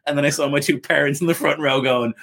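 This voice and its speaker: A man's voice: on the high side, fairly even intonation, quick pace, a bit bright. An Irish man hosting a podcast, chatting and joking with his guest in a teasing way. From Ireland. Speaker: podcast host. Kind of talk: casual interview chat.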